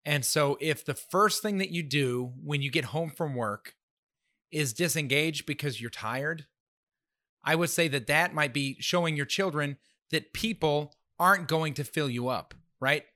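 A man's voice: on the high side, measured pace, bright, forceful tone, no room sound, clean studio sound. A middle-aged man with a slightly nasal voice, co-hosting a casual faith-based parenting chat in an earnest way, repeating words as he starts his thoughts. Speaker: podcast co-host.

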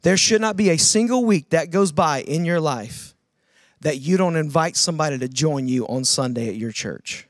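A man preaching a sermon, calling on the audience to answer and swinging between loud urging and hushed emphasis. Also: on the high side, expressive, moderate pace, dry recording, studio quality. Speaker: pastor.

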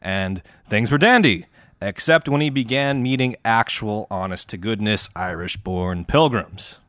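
A man's voice: on the low side, measured pace, fairly bright tone, no room sound, clean studio sound. A man hosting a podcast, telling a history story with casual swearing and jokes. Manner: laid-back, swears casually, laughs at own jokes. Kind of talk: comedic storytelling chat.

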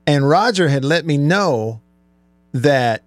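A man's voice: fairly high pitch, animated, slow pace, dry recording. A man hosting a sports radio show, chatting easily and laughing often. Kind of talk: casual radio talk. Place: radio studio. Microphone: studio microphone.

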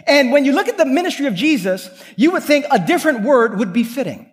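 A male pastor preaches a sermon in a church sanctuary, his very high-pitched voice fast and highly animated. He builds earnestly through repetition and weaves in personal stories, with a long hall reverb on the recording.

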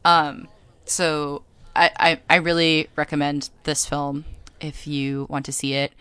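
A woman co-hosts a casual podcast, her speech rambling and full of fillers. Her voice is lowish for a woman, yet bright and crisp, and sounds dry and close to the mic. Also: completely flat delivery, unhurried, no echo. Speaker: podcast co-host.

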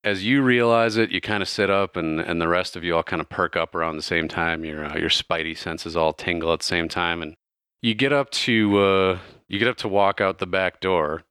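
A man's voice: low voice, normal speed, a bit bright, clean tone, dry recording, clean studio sound. A man narrating a tabletop game as game master in a casual, loose way, with plenty of fillers.

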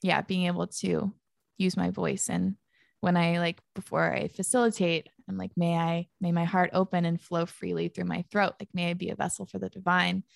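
A woman's voice: lowish voice, flat delivery, moderate pace, creaky, no echo, studio quality. A young woman talking casually as a podcast guest. She is chatty, says "like" a lot and laughs often. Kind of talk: casual conversation.

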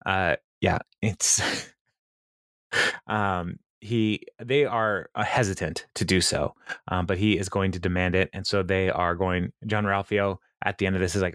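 Low-voiced man rambling through a recap. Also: steady tone, a bit bright, clean tone, dry recording, clean studio sound. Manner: rambling, halting retelling with frequent chuckles. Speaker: podcast host recapping a TV episode. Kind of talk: casual chat.

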